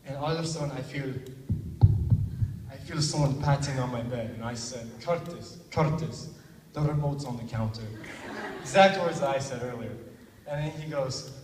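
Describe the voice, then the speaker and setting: A young man from Texas doing stand-up comedy at a student talent show, animatedly telling a story and acting out the dialogue with excited outbursts. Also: mid-range voice, normal speed. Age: young adult. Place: large hall at a talent show. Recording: echoey hall, distant mic, noisy.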